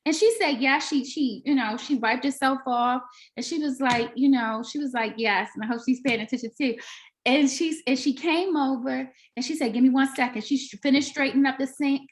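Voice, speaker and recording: Animated high-voiced woman telling stories. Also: moderate pace. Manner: animated storyteller, acts out quotes with big pitch jumps. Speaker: interviewer, daycare owner turned author. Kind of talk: casual conversational interview.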